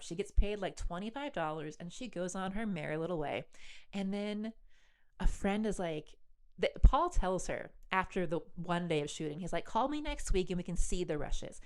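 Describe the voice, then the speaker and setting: A woman's voice: fairly low pitch, darkish tone, no echo, clean studio sound. A woman host telling a story in a casual, chatty way, with many fillers and voiced quotes.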